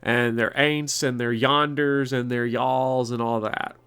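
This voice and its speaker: A young man from Kentucky with a softened Southern accent, chatting casually and bluntly as he answers viewer questions, rambling and joking at his own expense. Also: mid-range voice, flat delivery, slow pace, gravelly, clear, resonant tone. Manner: rambling, self-mocking, blunt. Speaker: channel host. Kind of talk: casual Q&A chat.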